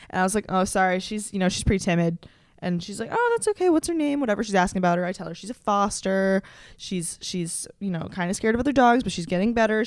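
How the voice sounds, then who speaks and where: A woman's voice: fairly low pitch, no echo, clean studio sound. A woman in her twenties, a podcast host telling casual stories in a chatty, profane way, full of fillers and restarts. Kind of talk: casual storytelling chat.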